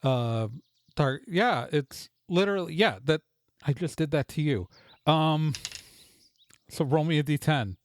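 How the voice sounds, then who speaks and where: A man's voice: on the high side, lively intonation, a little slow, dry recording. A man running a tabletop game as game master, narrating in a rambling way full of fillers and restarts. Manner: rambling, self-interrupting narration with many fillers.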